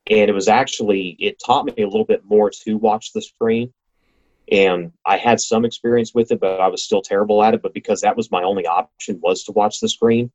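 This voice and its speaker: Talking as a guest in a relaxed interview, this man describes his job as a racing announcer with real enthusiasm, often restarting as he speaks in rapid bursts. His voice is fairly low and a little mellow, and the audio is lo-fi and somewhat dull.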